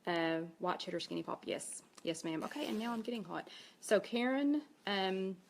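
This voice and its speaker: A woman's voice: medium pitch, moderate pace, creaky, slight background noise. A woman with an East Tennessee accent, hosting a casual Facebook Live chat and reading viewer comments aloud as she talks. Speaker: host.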